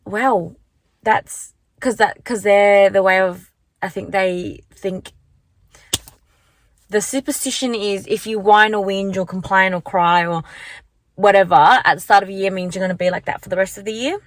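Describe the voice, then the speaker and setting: A woman's voice: medium pitch, steady tone, moderate pace, no echo. Chatty young woman rambling in a car. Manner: rambling, chatty, lots of likes and restarts. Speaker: vlogger. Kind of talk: casual chat to camera. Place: parked car. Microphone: handheld phone.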